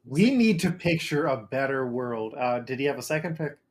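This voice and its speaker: Podcast host guy, middle pitch, dry jokey tone. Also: expressive, moderate pace. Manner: leads the segment, dry jokey asides. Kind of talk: casual podcast chat.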